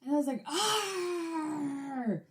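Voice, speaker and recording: A young adult woman co-hosting a podcast, telling stories in animated, profane casual chat. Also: fairly low pitch, normal speed. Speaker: podcast co-host.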